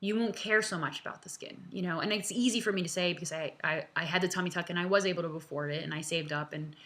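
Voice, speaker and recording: A woman in her thirties answers viewer questions from her home. She talks in a chatty, earnest rush with lots of fillers and small laughs, as if close to tears. Her voice sits a touch low but comes across bright and forceful. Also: quick pace. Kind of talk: casual, heartfelt direct-to-camera talk.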